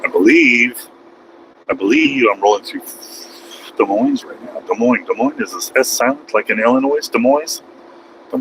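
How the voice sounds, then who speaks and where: A man's voice: medium pitch, normal speed, pauses often, a little hiss or hum, rough recording. Rambling, joking man trucker. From United States. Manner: rambling, joking, breaks into loud outbursts. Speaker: truck driver and streamer. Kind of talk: casual livestream chat while driving. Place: truck cab on the highway.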